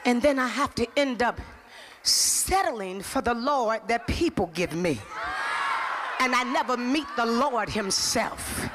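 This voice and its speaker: A woman preacher giving an impassioned live sermon. She often shouts and repeats phrases rhythmically. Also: on the high side, expressive, slow pace. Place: conference hall. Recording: noisy live hall recording.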